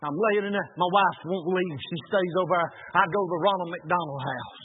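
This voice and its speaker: A man preaching a sermon, telling a personal story in a folksy way that swings from hushed to shouting. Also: sits high, a little fast, noisy background. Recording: tinny phone-like sound.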